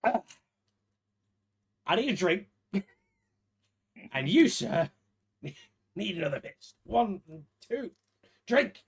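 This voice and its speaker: A man's voice: high voice, sing-song, very slow, gravelly, long pauses, a little hiss or hum, voice pushed up, exaggerated voice. A man voicing a burly, drunk tavern brawler who jeers and boasts. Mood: drunk bravado. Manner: boisterous, jeering, slurring toward drunk.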